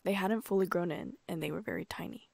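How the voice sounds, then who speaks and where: A woman narrating a first-person audiobook in a calm, even storytelling manner. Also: fairly low pitch, fast, vocal fry, breathy edge, no room sound, clean studio sound.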